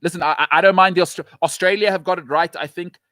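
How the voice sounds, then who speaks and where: A South African man hosts a live stream in an emphatic, impassioned rant, repeating his points and replying to chat comments. His voice sits a little high for a man. The sound is dry and close, with no room around it. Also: fairly even intonation, fast talker, bright, forceful tone, no echo. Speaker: show host.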